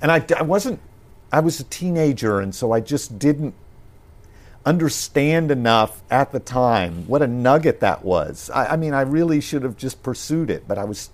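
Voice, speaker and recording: A man being interviewed on a podcast, talking in a thoughtful, measured way with frequent pauses and restarts. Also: mid-range voice, very animated.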